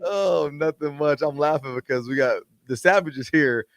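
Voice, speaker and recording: A man's voice: a little high, normal speed, fairly bright tone, no room sound. A man hosting a podcast in casual chat, laid-back and laughing often, with restarts and repeated words. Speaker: podcast host.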